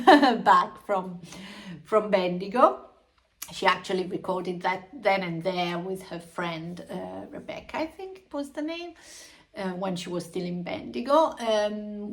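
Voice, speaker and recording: A woman hosting a podcast, chatting casually in an unhurried, leisurely way. She gushes and doubles up her words for emphasis, at a pitch in the middle of the range. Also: fairly bright tone, low-quality recording. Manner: effusive, repeats words for emphasis. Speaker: podcast host. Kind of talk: casual chat.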